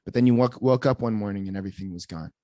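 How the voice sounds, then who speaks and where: A man's voice: lowish voice, racing, warm tone, dry recording. A young adult man hosting a podcast, asking a long, hesitant question with restarts. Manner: searching, hesitant phrasing. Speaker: podcast host. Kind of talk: interview question.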